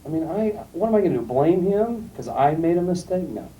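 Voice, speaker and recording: A middle-aged man giving a classroom lecture, telling anecdotes in a calm, emphatic storytelling way. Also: on the high side, brisk, narrow, tinny audio. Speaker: guest lecturer. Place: lecture room. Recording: distant mic, faint room noise, archival tape.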